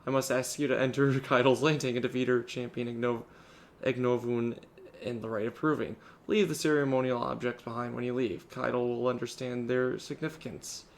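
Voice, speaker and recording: A sick man reading the lines of an earnest, formal male military commander from a video game, in a measured way. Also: medium pitch, level tone, creaky, natural voice.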